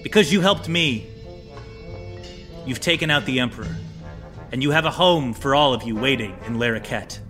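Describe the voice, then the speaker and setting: A man voicing a smooth-talking, self-assured male rogue spy in a tabletop game, coy and teasing. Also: mid-range voice, expressive, normal speed, long pauses, bright, forceful tone, faint music behind. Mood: explaining.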